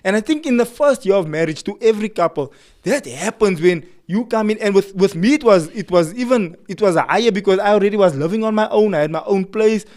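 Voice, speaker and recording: A man's voice: high-pitched, fairly quick. A man in casual chat who tells stories and acts out quarrels in different voices. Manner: animated storyteller, acts out quarrels.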